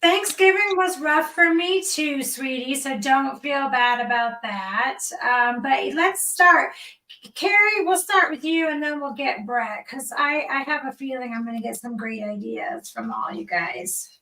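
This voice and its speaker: A woman's voice: high-pitched, animated, a little slow, sharp tone, low-quality recording. A woman hosting a live stream, reading viewer questions in a bubbly, teasing way. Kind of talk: casual live-stream chat.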